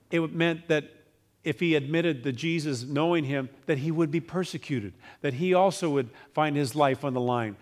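A man preaching a sermon, reading scripture aloud and acting out the people in it with lively shifts of voice. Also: mid-range voice. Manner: animated, acts out voices in scripture retelling.

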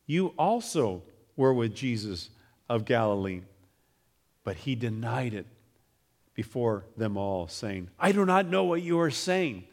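Animated man preaching a sermon. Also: medium pitch. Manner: animated, acts out voices in scripture retelling.

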